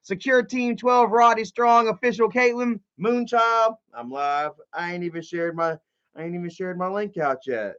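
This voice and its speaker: A man hosting his own live stream chats loosely and profanely with his viewers, rambling casually with lots of fillers and asides. His voice sits high and is a bit bright, clear and resonant, with fairly even intonation at a normal speed, heard through dull lo-fi stream audio.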